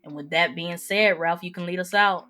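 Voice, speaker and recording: A woman's voice: on the low side, normal speed, sharp tone, soft background music. A woman hosting a casual podcast chat, bantering and laughing with her co-hosts. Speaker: podcast host.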